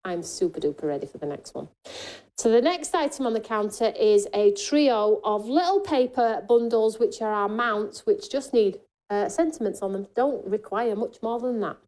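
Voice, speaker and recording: A woman hosting a live craft shopping show, chatty and jokey as she pitches deals and reads viewer comments. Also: lively intonation, normal speed, darkish tone.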